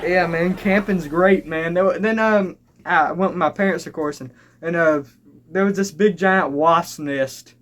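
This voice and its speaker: A young man telling comic stand-up stories, rambling and halting with frequent restarts. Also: a little high, fairly bright tone. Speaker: stand-up comedian. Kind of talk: stand-up comedy storytelling. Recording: live crowd laughter and noise. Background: audience laughing.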